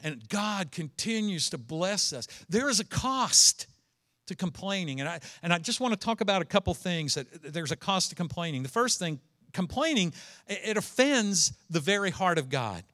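A middle-aged man preaching a sermon, animated, acting out quoted complainers and dropping to a low confiding voice for asides. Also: moderate pace. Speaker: pastor.

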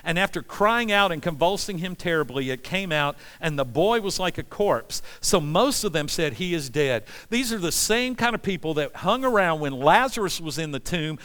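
A man preaching a sermon with passion, swinging between loud pleas and hushed, quiet lines. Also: high-pitched, lively intonation, brisk, few pauses, smooth. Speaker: pastor. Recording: long hall reverb.

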